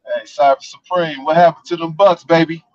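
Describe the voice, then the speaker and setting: A man's voice: on the high side, fairly even intonation, normal speed, dry recording. A man joins a casual chat, stammering and repeating words as he jokes in slang. His line sounds muffled and lo-fi. It is also dry, with no room around the voice.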